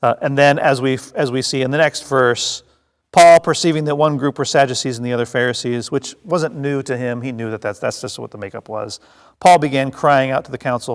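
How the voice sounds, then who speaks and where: A man teaching a Bible study to a congregation, telling the story lively and acting out scenes, with many fillers and restarts. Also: mid-range voice, a little fast. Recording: long reverb of a hall.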